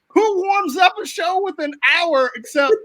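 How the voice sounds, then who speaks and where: American guy, high bright voice, cussing and laughing through stories on a video call. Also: slow pace, dry recording, low-quality recording. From United States. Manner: animated, swearing, laughs a lot while telling stories. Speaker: host. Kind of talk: casual storytelling chat.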